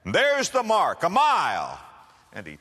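A man preaching a sermon, telling a story dramatically and swinging between loud and hushed. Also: sits high, huge pitch swings, measured pace, slightly rough, in a large hall.

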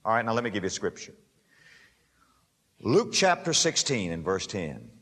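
A man preaching a sermon, emphatic, swinging between loud rises and hushed drops. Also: fairly low pitch, very animated, normal speed, in a large hall. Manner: emphatic, rising and dropping sharply for effect.

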